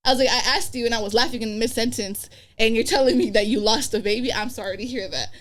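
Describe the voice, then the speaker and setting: A young adult woman who is pregnant, speaking a little high and fast, is a guest on a podcast. She tells a story in casual chat, swearing freely and acting out the dialogue she quotes.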